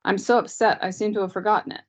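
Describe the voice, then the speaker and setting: A woman's voice: mid-range voice, steady tone, fast, voice pushed up, close to an everyday voice. A woman reading aloud, voicing a frightened young mother who pleads with a shaky voice, on dull lo-fi meeting audio. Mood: pleading.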